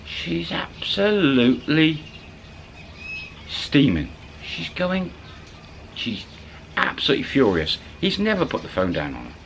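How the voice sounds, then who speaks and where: A man casually retelling a story to camera, animated and colloquial, slipping into the voices of the people in it. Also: medium pitch, moderate pace, slight background noise. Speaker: channel storyteller.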